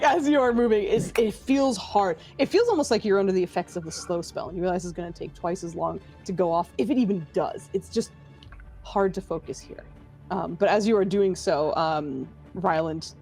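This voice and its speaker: A woman narrating a homebrew fantasy game as dungeon master, playful and quick to laugh. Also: lowish voice, dark tone.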